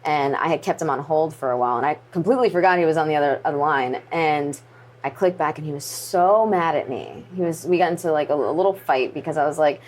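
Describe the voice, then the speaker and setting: Brief: woman in her 20s, low voice, earnest and halting, subdued guest in a sit-down interview. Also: a little mellow. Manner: earnest, halting storytelling with restarts. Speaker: interview guest, pro wrestler.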